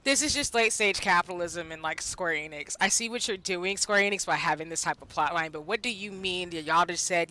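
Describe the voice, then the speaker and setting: A woman streaming a game, giving animated, ranting reaction commentary that often breaks into yelling. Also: fairly low pitch, a little fast, few pauses, poor audio. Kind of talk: casual live reaction commentary. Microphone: headset or desk mic. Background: game music.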